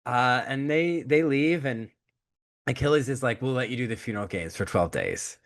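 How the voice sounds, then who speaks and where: A man co-hosting a podcast, retelling a story in casual chat, comic and profane, acting out the characters with quick shifts of voice. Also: mid-range voice, animated. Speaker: podcast co-host.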